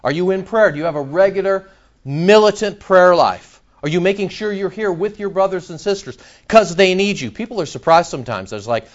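A male pastor preaching in a church. He is animated, with sudden loud outbursts and mock back-and-forth dialogue. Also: high voice, fairly quick, lo-fi sound. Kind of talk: sermon.

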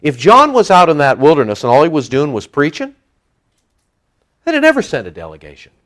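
A man teaching from the Bible in a sermon, animated and joking, acting out the people he quotes. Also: on the high side, a little fast. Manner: animated, jokey, acts out quoted voices. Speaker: preacher.

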